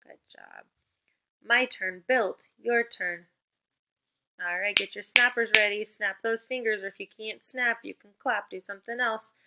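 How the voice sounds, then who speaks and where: A woman teacher giving a remote spelling lesson to young children, upbeat and encouraging, with clear call-and-response prompts. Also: medium pitch, steady tone, unhurried, sharp tone.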